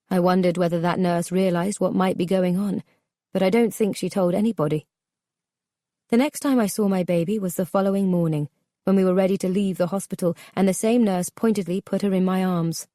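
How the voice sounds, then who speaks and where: A woman narrating a memoir audiobook in a measured, subdued, somber way. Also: medium pitch, dark tone, no echo, studio quality.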